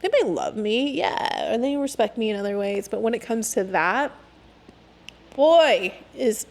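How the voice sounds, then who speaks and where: A young woman hosting her own podcast, ranting candidly and casually with lots of "like" and quick laughs. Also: a little high, animated, a little mellow. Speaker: podcast host. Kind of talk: casual solo podcast rant.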